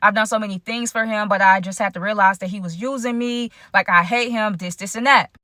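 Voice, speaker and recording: A woman's voice: medium pitch, steady tone, fairly quick, bright, forceful tone, no echo, clean studio sound, lightly acted. Woman quoting an upset young woman friend.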